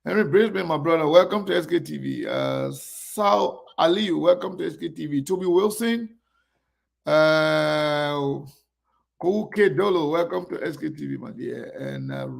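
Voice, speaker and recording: Gravelly host greeting viewers. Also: male voice, on the high side, unhurried. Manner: warmly greets viewers by name, one after another. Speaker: online show host. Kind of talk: casual live-stream chat.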